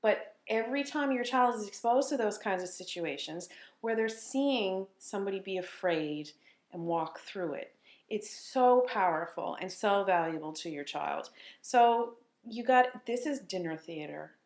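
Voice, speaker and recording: A woman play therapist giving earnest, animated advice to parents in a casual chat. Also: mid-range voice, a little slow. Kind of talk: informal parenting talk. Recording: echoey room.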